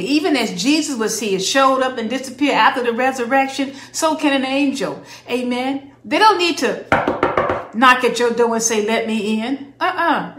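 High-voiced woman preaching in an echoey room. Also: a bit bright. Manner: call-and-response questions, emphatic declarations. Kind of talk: sermon.

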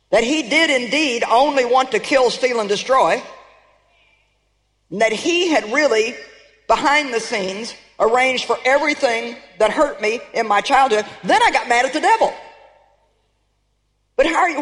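A woman's voice: a little high, fairly bright tone. A woman preacher giving an emphatic sermon, calling out to her audience with rhetorical questions. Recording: long reverb of a large hall.

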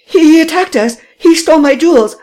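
A shrill, frantic society lady. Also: very animated, moderate pace. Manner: shrieking, breathless, weeping.

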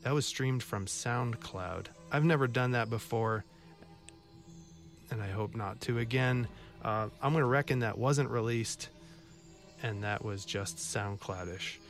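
A man's voice: medium pitch, measured pace. Wry male radio DJ over faint music. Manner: wry, self-mocking, chatty. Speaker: radio DJ host. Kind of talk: casual radio back-announcing. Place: radio studio.

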